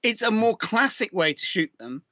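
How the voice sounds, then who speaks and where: A man from the UK co-hosting a casual chat, giving measured, critical photo reviews. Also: high voice, sing-song, bright, forceful tone, no echo. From United Kingdom. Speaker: co-host. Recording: dull lo-fi sound.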